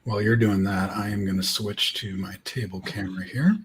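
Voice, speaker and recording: Low husky guy, laid-back guest on a magic stream. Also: fairly even intonation, a little fast. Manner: soft-spoken, easygoing, many likes. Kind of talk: casual interview chat.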